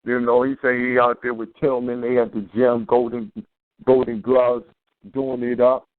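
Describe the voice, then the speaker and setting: A man's voice: mid-range voice, level tone, moderate pace, no room sound. A man hosting a casual talk radio show, loose and slangy, repeating his phrases. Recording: tinny phone line.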